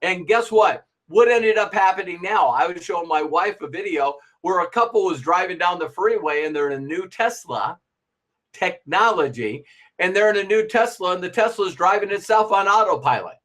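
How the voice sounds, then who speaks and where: Man, middle-aged, high-pitched, animated, motivational speaker, plays out mini dialogues. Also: normal speed. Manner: animated, acts out little dialogues with laughs. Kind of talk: motivational talk to camera.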